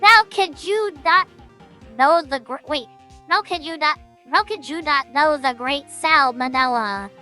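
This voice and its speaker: A woman's voice: sits high, unhurried, sharp tone, faint music behind. A woman putting on a grandiose eccentric TV director.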